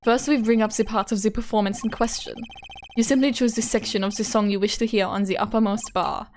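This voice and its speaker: A woman's voice: on the high side, steady tone, fairly quick, a little mellow, natural voice. Woman doing a smug German rock-star prosecutor. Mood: instructive. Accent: put-on German. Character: suave rock-star male prosecutor, cocky. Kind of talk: reading game dialogue aloud on stream.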